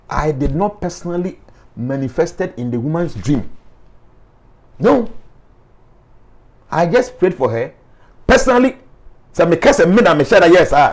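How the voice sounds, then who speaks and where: A man with a Ghanaian accent, speaking as a life coach in an animated interview and mixing English with Twi phrases. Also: fairly high pitch.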